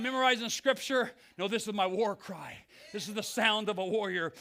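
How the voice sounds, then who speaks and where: A middle-aged man preaching a fervent Pentecostal sermon as pastor, swinging from hushed words to shouts. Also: high-pitched, moderate pace. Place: church sanctuary.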